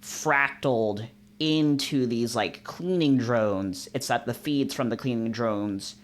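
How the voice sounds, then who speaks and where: A man's voice: medium pitch, takes it slowly. A man hosting a let's play, giving casual commentary while reading a visual novel, joking and rambling with frequent restarts.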